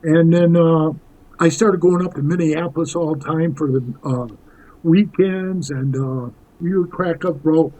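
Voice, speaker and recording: A man's voice: fairly high pitch, steady tone, a little slow, dark tone, low-quality recording. A man in his sixties telling rambling, tough-talking stories as a podcast guest, calling the host "bro.". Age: 60s. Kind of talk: casual storytelling interview.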